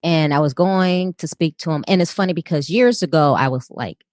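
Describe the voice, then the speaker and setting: Enthusiastic low-voiced woman host. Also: moderate pace, darkish tone, no room sound, clean studio sound. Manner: enthusiastic, storytelling. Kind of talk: casual interview chat.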